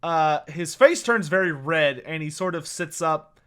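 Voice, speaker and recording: A man's voice: fairly high pitch, measured pace, sharp tone, clear, resonant tone. A man narrating a tabletop game as game master in a chatty way, with lots of fillers.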